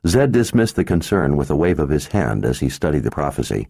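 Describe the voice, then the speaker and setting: A man narrating a fantasy audiobook in an expressive storytelling manner. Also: rumbling low, moderate pace, vocal fry, few pauses, no echo, studio quality. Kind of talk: scripted narration.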